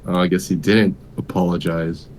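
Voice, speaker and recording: A man's voice: low-pitched, little pitch movement, moderate pace, darkish tone. A man hosting a live trading room, joking and swearing while calling out trades. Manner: joking, profane, calls out trades. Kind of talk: casual trading chat.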